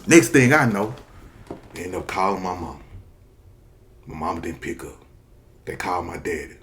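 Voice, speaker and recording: A man telling a comic story from his childhood, profane and animated, acting out the people in it. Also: low-pitched, normal speed, pauses often, slight background noise. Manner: profane, animated, acts out characters. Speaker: comedian storyteller.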